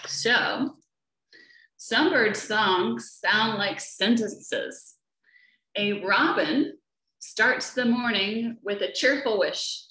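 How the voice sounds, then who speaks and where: Reading a picture book to small children, a female nature educator speaks slowly and gently in a slightly high voice, pausing to ask them questions. The audio comes from a laptop or webcam during a video session, and the room echoes.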